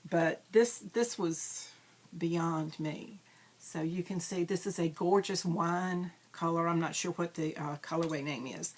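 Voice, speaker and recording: Slow-talking woman chatting about yarn. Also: fairly low pitch. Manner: chatty, rambling, self-deprecating, frequent ums. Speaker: crafting videocast host. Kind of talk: casual show-and-tell chat.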